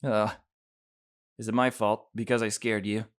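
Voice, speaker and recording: Man doing a clumsy hot-headed bear in a storybook game, low-voiced, gruff bluster sliding into sheepish apology. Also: little pitch movement, a little slow, natural voice. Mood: meek. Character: big clumsy hot-tempered male bear.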